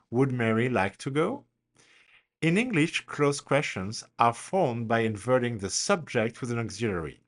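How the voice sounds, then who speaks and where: A man teaching a recorded grammar lesson, speaking deliberately and modeling example questions with a strong rising intonation for learners to repeat. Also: mid-range voice. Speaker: language teacher.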